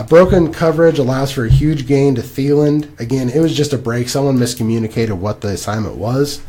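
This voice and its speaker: Chatty young man talking football. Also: medium pitch. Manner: animated, rambling, laughs at himself. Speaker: podcast co-host. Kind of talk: casual fantasy football chat.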